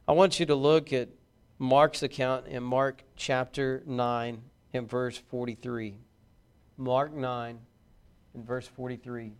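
Fervent preacher man, clear voice. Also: medium pitch, flat delivery, slow pace. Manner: preaching, builds to loud fervent intensity. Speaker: pastor. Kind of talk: sermon. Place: church.

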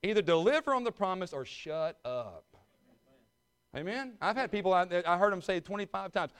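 Folksy preacher, high and clear. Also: male voice, lively intonation, brisk. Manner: folksy humor building to loud fervent preaching. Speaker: pastor. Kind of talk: sermon.

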